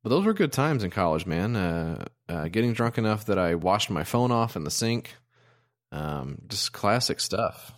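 A man's voice: lowish voice, sing-song, moderate pace, vocal fry. A man in his thirties co-hosting a podcast in casual chat, rambling with lots of ums and restarts. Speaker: podcast co-host.

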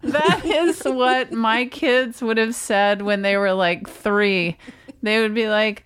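A woman co-hosting a podcast, telling stories in a dry, deadpan casual chat. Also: a little high, slow, clear, resonant tone. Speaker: podcast co-host.

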